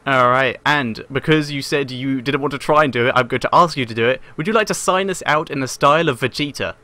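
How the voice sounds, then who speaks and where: A man's voice: mid-range voice, fast talker, bright, forceful tone. A young man hosting a casual show, teasing his guest in an upbeat way. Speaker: show host. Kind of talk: casual chat.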